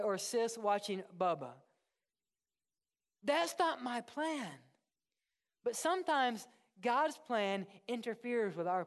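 A pastor preaches a sermon with animation, his voice sitting high as he shifts from loud, excited asides to hushed, earnest passages.

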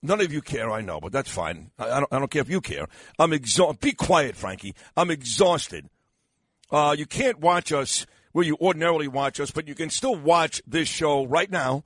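A man's voice: fairly high pitch, animated, moderate pace, a bit bright, no echo. An older man hosting a morning radio talk show, rambling and self-mocking with lots of fillers, sounding tired and losing his voice. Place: radio studio.

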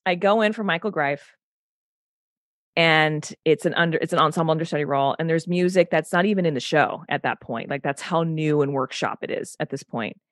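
A woman guest telling a story in a casual, animated way, acting out the voices she quotes and swearing now and then. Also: deep voice, a little fast, dry recording, clean studio sound. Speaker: podcast guest.

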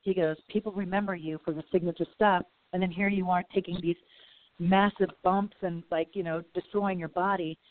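A middle-aged woman with a lowish voice talks casually as an interview guest, rambling through stories and acting out the dialogue. She fills her speech with "you know". The sound is thin and phone-like. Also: fairly even intonation, fairly quick. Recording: phone-like audio.

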